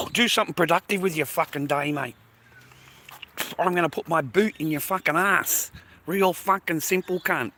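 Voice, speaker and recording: Australian man, fairly high voice, swears a lot, rambles, outdoors, faint background noise. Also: a little slow, long pauses, sharp tone. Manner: profane, rambling, slangy, repeats himself. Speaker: vlogger. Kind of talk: rambling casual monologue to camera. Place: outdoors by water with ducks.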